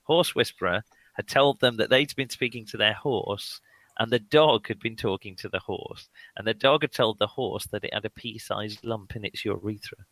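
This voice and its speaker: A man's voice: on the low side, normal speed, fairly bright tone, dry recording. A man joking and rambling through an anecdote while playing a tabletop game with friends. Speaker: player.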